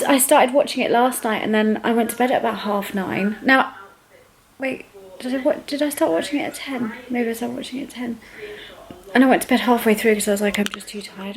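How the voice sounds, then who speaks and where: A woman's voice: fairly high pitch, rough recording. Chatty young British woman vlogging. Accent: British English. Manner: chatty, rambling, lots of "like" and asides. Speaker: lifestyle vlogger. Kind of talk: casual vlog chat to camera. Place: home kitchen.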